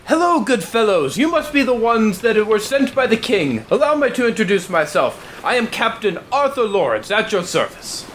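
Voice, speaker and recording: A man's voice: sits high, big pitch swings, normal speed, hardly any pauses, fairly bright tone, a little hiss or hum, voice pushed up. A man voicing a prim, proper male ship captain who speaks in a polite, old-fashioned, slightly pompous way. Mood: courteous.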